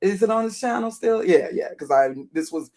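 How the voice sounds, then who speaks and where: Hoarse deep-voiced woman chatting on stream. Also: expressive, brisk, dark tone. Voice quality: deep alto voice. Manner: chatty and rambling, greets viewers by name. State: hoarse, voice wearing out. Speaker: live streamer. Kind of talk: casual live-stream commentary.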